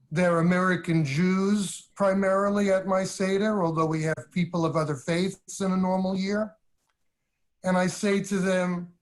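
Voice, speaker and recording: A man, a rabbi, moderating a livestream discussion, asking questions and reflecting in a measured, deliberate way over a video call. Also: high voice.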